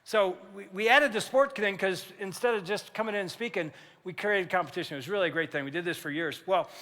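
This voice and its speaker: An older man preaches in a church, telling a story with lively energy and sometimes shouting at its peak. His voice sits high and bright, and it rings out with the long reverb of a large hall. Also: fast. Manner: animated, acts out dialogue, rising to shouts at climaxes. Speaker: pastor. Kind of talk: sermon with storytelling. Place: church sanctuary.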